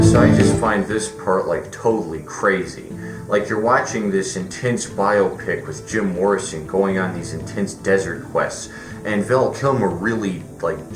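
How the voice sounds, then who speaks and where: A man giving a casual, rambling movie review, full of fillers and restarts. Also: sits low. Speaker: film reviewer. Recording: roomy echo with faint music.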